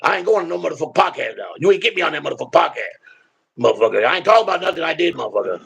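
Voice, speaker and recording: A man's voice: fairly high pitch, lively intonation, very fast, gravelly, crowd noise. A man voicing his hot-tempered, constantly swearing male friend in a crude, brash way. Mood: defiant.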